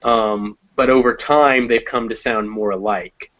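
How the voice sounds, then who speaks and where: Uomo insegnante d'inglese, registrazione un po' sorda. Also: male voice, mid-range voice, fairly even intonation, a bit bright. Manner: explains step by step, pausing to think with many ums. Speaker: English teacher. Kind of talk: conversational language lesson. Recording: slightly dull recording.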